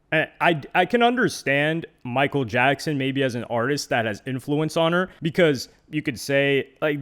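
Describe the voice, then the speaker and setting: A man hosting a commentary channel, talking casually and skeptically about interview clips, with slang asides. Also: mid-range voice.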